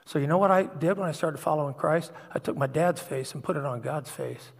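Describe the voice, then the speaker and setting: A man's voice: on the high side, brisk, creaky, hardly any pauses, slightly rough. A middle-aged man preaching a sermon, telling personal stories in an earnest, confessional way. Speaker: pastor. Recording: long hall reverb.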